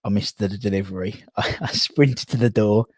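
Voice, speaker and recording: A man's voice: lowish voice, moderate pace, a little mellow, no echo, studio quality. Breathless chatty English man streaming. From England. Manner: rambling, chatty, reads out viewer comments. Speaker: live stream host. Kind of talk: casual live stream chat. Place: garage.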